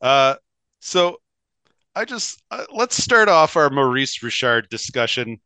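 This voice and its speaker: A man's voice: mid-range voice, very animated, slow, pushed and bright, clear, resonant tone, no echo. A man, co-hosting a casual hockey podcast in a rambling, chatty way, often laughing. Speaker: podcast co-host.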